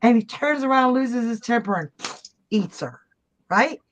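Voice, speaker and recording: A woman co-host tells a joke on a live show, her voice rising and falling with lots of life. She builds the story with animated energy. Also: a little high, a little slow, a little hiss or hum. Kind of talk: telling jokes on a live show.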